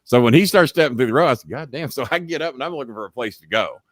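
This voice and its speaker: A middle-aged man telling a story in casual chat, profane and animated. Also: medium pitch, racing, no echo, studio quality. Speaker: storyteller and show host.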